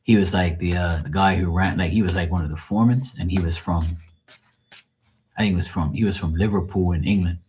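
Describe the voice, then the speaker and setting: A man's voice: deep voice, steady tone, brisk, darkish tone, a little hiss or hum. A man in his forties from Bermuda with a Bermudian accent, telling stories in blunt, profane casual chat on a live stream. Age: 40s.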